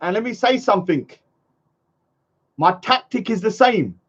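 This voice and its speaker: Taunting high-voiced man, dull lo-fi sound. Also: animated, measured pace, a bit bright, slightly rough. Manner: mocking, taunting, rambling. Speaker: vlogger. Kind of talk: casual vlog talking to a live chat.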